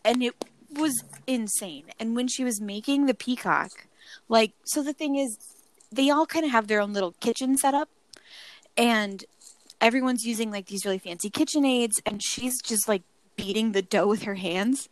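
A young woman from the United States chats on a podcast, her voice sitting on the higher side and her stories pouring out with plenty of "like"s. The sound is close and dry, with no room around it. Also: normal speed, dry recording, rough recording. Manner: gushing, animated storytelling with many "like"s. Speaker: podcast co-host. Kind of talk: casual chat.

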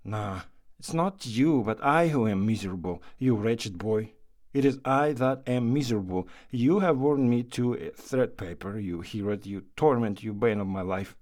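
A man's voice: lowish voice, normal speed, darkish tone, lightly acted. A man reading a story aloud and voicing a distraught mother who scolds her son and laments her lot. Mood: lamenting. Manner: lamenting, reproachful, rising to outbursts. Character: anxious scolding mother of modest means.

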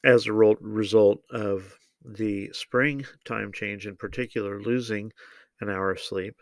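A man giving opinionated solo political commentary, measured and deliberate, with frequent ums and uhs. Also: on the low side, fairly even intonation, no room sound.

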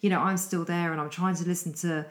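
A middle-aged British woman who works as a coach tells a long story in a casual monologue, with a rambling, breathless retelling full of self-deprecating asides. Her voice is on the low side and steady, her pace quick. The room sounds echoey.

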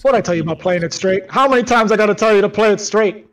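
A man's voice: high voice, fast talker, fairly bright tone. A man playing a swaggering, hungover brawler who lectures people in macho bro talk.

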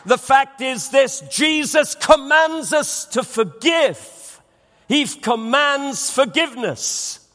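Emphatic high-voiced male preacher. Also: lively intonation, slow pace, fairly bright tone, long reverb tail. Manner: emphatic preaching, repeats phrases. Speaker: pastor. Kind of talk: sermon. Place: church auditorium.

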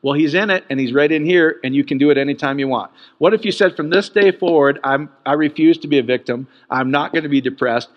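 A man preaching a sermon in an animated way, jumping from loud bursts to quiet asides. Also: fast talker, few pauses, big-room sound, lo-fi sound. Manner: animated, swings from loud peaks to low asides.

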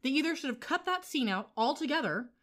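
A woman's voice: high-pitched, animated, quick pace, fairly bright tone. A woman co-hosting a casual podcast. She recaps a TV episode scene by scene and argues her opinions firmly. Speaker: podcast co-host.

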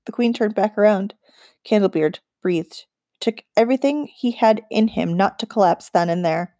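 A woman narrating a children's fantasy novel as an audiobook, in a measured storytelling read. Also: medium pitch, dark tone, dry recording, clean studio sound. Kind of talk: scripted narration.

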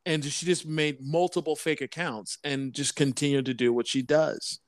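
A man in his thirties co-hosting a casual podcast, talking in halting, stop-start bursts. His voice sits a little high for a man, and it sounds close and dry on the mic, with almost no room around it. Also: steady tone, dry recording. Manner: halting, repeats words and restarts often. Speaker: podcast co-host.

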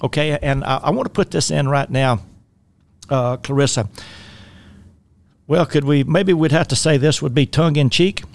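This faith-based talk radio host, a life coach with a Southern drawl, rambles in a folksy way, often pausing, restarting and using fillers. His voice sits on the high side, with vocal fry, at a normal speed.

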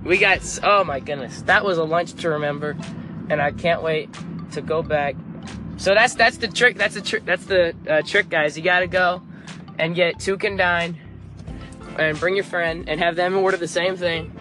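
High-voiced young man telling a story. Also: moderate pace, over music. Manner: animated, laughing, acts out the people in his stories. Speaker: vlogger. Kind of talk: casual storytelling.

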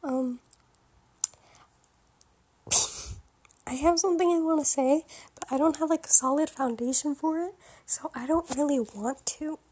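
A woman's voice: high voice, a little slow, pauses often, mellow. A young woman hosting a solo podcast, talking in a frank, opinionated, casual way with lots of fillers and laughs. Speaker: podcast host.

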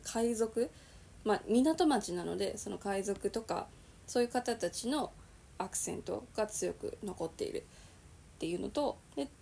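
Female host, Japanese accent, quick and chatty, some vocal fry. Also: medium pitch, warm tone, slight background noise. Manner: quick, chatty, responsive with short backchannels. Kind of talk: bilingual casual podcast.

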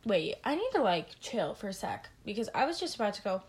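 A woman's voice: medium pitch, big pitch swings, a little fast. A teenage girl hosting her own casual podcast, a little out of breath and eating, rambling and tripping over her words as she talks. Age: teens. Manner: rambling, self-interrupting, stumbles over words; eating while talking. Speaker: podcast host. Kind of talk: casual solo podcast chat.

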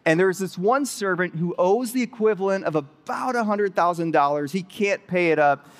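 A man with a high, bright-pitched voice preaches a sermon, retelling a parable in a loose, conversational way that jumps up into excited asides. His voice carries a long reverb, as if from a church auditorium. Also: moderate pace. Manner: conversational, animated storytelling with rising excited asides. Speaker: pastor. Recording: reverberant hall.

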